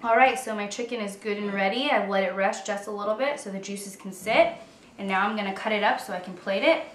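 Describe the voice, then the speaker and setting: A woman's voice: mid-range voice, fairly quick, a little hiss or hum. Chatty young woman in a roomy kitchen. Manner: chatty, upbeat and self-joking. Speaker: home cook. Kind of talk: cooking demonstration. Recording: roomy kitchen audio from a distance with faint guitar music.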